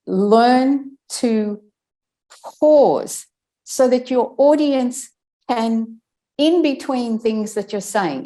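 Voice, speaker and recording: A woman with a mellow, warm tone explains breathing and speaking technique as an interview guest. She talks in a relaxed, explanatory way, demonstrating pauses and stress as she goes. Her phrases often break off and restart mid-thought. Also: medium pitch. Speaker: guest, speech and accent coach. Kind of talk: conversational interview.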